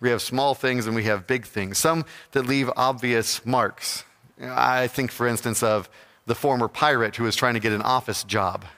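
A man giving a slow, reflective, sermon-like talk with pauses. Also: medium pitch, fairly even intonation, a bit bright, long reverb tail.

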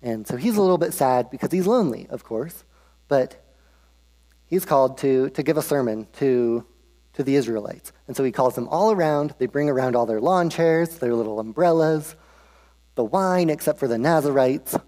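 A man's voice: medium pitch, lively intonation, normal speed, warm tone. A man preaching in a casual, humorous storytelling way, with frequent restarts, in a hall with a long echo. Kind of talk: casual Bible storytelling sermon.

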